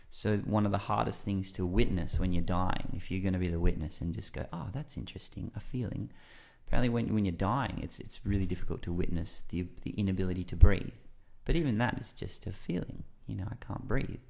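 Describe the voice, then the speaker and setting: On a podcast, a guest with a low, gravelly voice talks in a relaxed, chatty manner. His storytelling is loose and rambling, with frequent fillers in the pauses, and he acts out his own reactions along the way.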